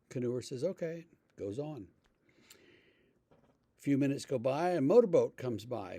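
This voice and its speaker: A male pastor giving a relaxed, conversational devotional talk, telling stories with frequent fillers. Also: mid-range voice, normal speed, long pauses, slightly rough, dry recording.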